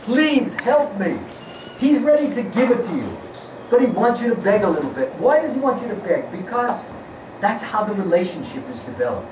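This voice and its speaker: High-voiced man preaching from afar. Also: very animated, a little fast. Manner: earnest, pleading, repetitive emphasis. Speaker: spiritual teacher. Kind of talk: devotional lecture. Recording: distant mic in echoey noisy room.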